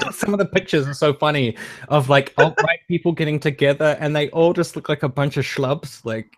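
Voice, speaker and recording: A man who is a guest in a casual chat, making measured points and often qualifying what he says. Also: on the high side, fairly bright tone.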